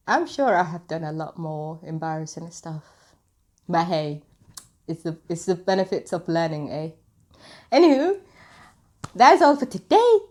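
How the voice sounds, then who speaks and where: A young woman vlogger telling a story to the camera in a casual, rambling way, with lots of filler words. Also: lowish voice. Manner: rambling and chatty, full of "like" and "anywho".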